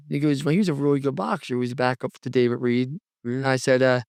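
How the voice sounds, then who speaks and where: A man hosting a podcast, chatting casually and telling animated stories, acting out quotes with big jumps in pitch. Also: fast talker, creaky, no room sound, clean studio sound. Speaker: podcast host.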